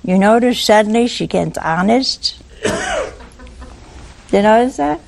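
A woman preaching a sermon, animated and full of rhetorical questions to her listeners. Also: on the high side, takes it slowly, gravelly, background noise.

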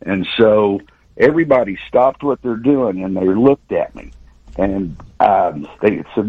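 A man in his sixties from Oklahoma, a radio caller telling a long story in an earnest, rambling way with halting restarts. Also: on the low side, slightly rough, no echo. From Oklahoma, USA. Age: 60s. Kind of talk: call-in storytelling. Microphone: telephone. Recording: dull lo-fi phone line.

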